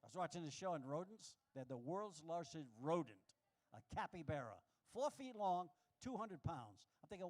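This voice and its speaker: A man doing a stand-up comedy set on a club stage, animated and acting out the voices he quotes. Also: brisk. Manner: animated, acts out quoted voices with big pitch jumps.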